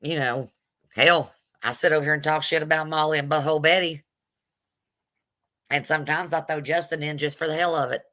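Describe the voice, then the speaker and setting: Blunt, bright-voiced woman streamer. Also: low-pitched, fairly even intonation, a little fast, pauses often. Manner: blunt, sassy, profane. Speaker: streamer reacting to a video. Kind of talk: casual commentary.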